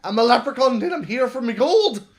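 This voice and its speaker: A man voicing a small, greedy, menacing male leprechaun in a high, squeaky put-on brogue while retelling a horror film. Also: animated, a little fast, full character voice.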